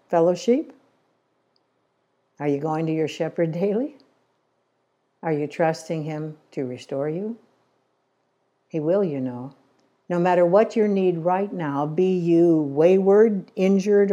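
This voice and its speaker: Older woman, church speaker; low, mellow voice, earnest, unhurried storytelling. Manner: earnest storytelling, slows on key phrases. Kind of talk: sermon-style talk.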